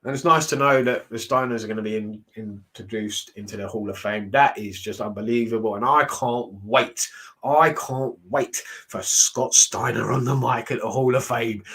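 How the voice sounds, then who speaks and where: A man's voice: mid-range voice, steady tone, normal speed, a bit bright. Blunt ranting man. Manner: blunt, ranting, swears freely. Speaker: wrestling commentator reacting. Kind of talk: casual reaction commentary.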